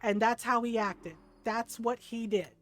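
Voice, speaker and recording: Candid, slightly high-voiced woman streamer. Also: fairly even intonation, measured pace. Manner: candid, swears freely, laughs often. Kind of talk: casual storytelling while gaming.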